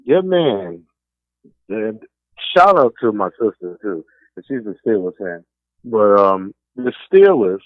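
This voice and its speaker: A man's voice: on the low side, big pitch swings, slow, no echo. A man from New York with a New York accent, hosting a casual sports talk radio show in a streetwise, opinionated way. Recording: dry, phone-like narrow band.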